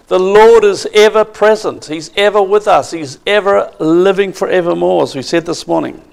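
A man's voice: high-pitched, normal speed, vocal fry, clean tone. A man preaching a sermon with emphasis, asking the congregation questions.

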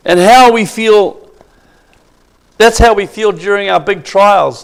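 A man's voice: sits high, slow pace, vocal fry, clean tone. A man preaching a sermon with emphasis, asking the congregation questions.

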